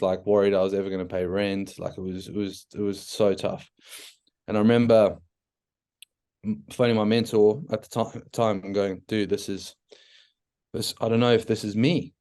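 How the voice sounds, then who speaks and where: A South African man, probably in his thirties, tells his story as a podcast guest. His voice sits a little low, and he talks frankly and with energy, often circling back with "like" and restarting his sentences. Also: smooth. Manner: frank and animated, many restarts and "like" fillers. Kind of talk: casual storytelling interview.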